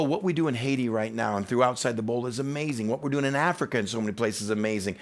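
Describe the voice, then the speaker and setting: A male teaching pastor delivering a sermon, telling stories in an animated way. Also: mid-range voice. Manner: animated, storytelling.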